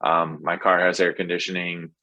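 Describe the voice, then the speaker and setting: A man's voice: sits low, level tone, normal speed, pushed and bright, dull audio. A man talking as a podcast guest in a casual, rambling, enthusiastic way, with lots of fillers. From Texas. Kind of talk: casual interview chat.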